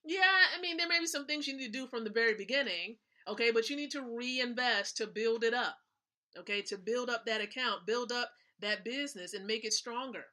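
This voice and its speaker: Woman, livestream host, motivational business talk, emphatic, repeats points, tense bright tone. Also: fairly high pitch, a little fast.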